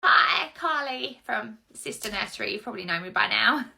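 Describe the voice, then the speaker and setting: A woman's voice: a little high, lively intonation, normal speed, gravelly, pushed and bright, voice pushed down, exaggerated voice. A woman playing a friendly young nursery worker in a comedy sketch, chatty and full of questions. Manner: chatty and inquisitive.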